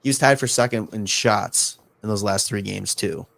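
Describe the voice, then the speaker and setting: Gravelly low-voiced man chatting hockey. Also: fairly bright tone. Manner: halting, many restarts and fillers. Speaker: podcast co-host. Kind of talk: casual sports chat.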